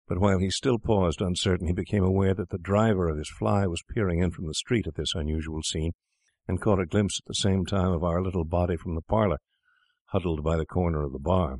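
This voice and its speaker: Deep-voiced man narrating a classic tale. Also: a little mellow, no room sound, studio quality. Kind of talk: scripted narration of a classic story.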